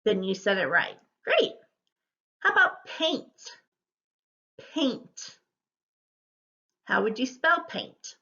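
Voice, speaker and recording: A woman teacher giving a recorded phonics lesson, modeling words and sounds slowly and deliberately for her students. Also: mid-range voice, very animated, creaky, pushed and bright, muffled recording.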